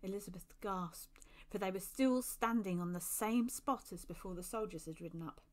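A woman reading a children's story aloud with lively expression. Her voice sits at an ordinary middle pitch, and she shifts tone as the story moves. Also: normal speed.

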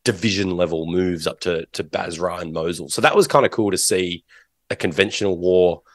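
A man's voice: low voice, moderate pace, no room sound, clean studio sound. Australian man telling stories, rambling. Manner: rambling, many restarts and fillers. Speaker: interview guest. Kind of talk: casual interview talk.

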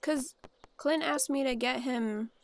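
Speaking slowly in a high voice, a woman doing a let's play chats casually through her gameplay and exclaims at the characters on screen.

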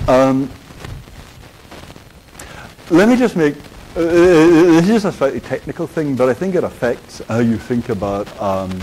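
A man's voice: medium pitch, dark tone. A man giving a university philosophy lecture, hesitant with many fillers and dry wit, in a lecture hall.

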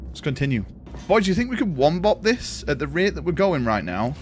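A man's voice: a little high, very animated, a little fast, slight background noise. A man casually chatting and swearing while streaming a video game, calling his viewers "boys" and thanking them.

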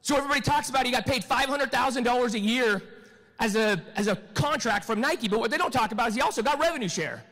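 A man in his forties, raised in California, delivers a motivational story with a fairly high voice. He acts out the dialogue and keeps firing rhetorical questions at his listeners. His voice rings with a long hall reverb. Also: expressive, fast talker, fairly bright tone. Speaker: real estate team leader giving a motivational talk.

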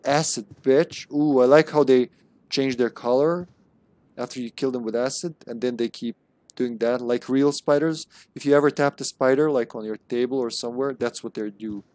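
A man live-streaming a horror game with loose, casual commentary. He jokes, swears freely and slips into playful voices, at a middling pitch. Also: fairly even intonation, normal speed, a little mellow, no room sound. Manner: jokey, profane, playful voices.

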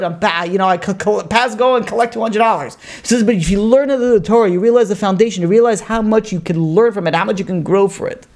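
A man teaching a casual Torah class as a rabbi, animated and talking through many quoted voices with frequent fillers. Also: a little high.

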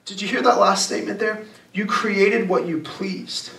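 A young adult man giving a youth sermon, talking casually and emphatically and slowing down to read scripture. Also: high-pitched, steady tone, vocal fry, a bit bright. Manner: emphatic, conversational preaching with slowed scripture reading. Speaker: youth pastor. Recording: echoey room, distant mic.

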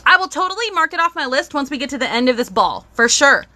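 A woman's voice: high voice, big pitch swings, fast, pushed and bright. A young woman, chatting bubbly on a live stream as she unboxes toys and greets viewers.

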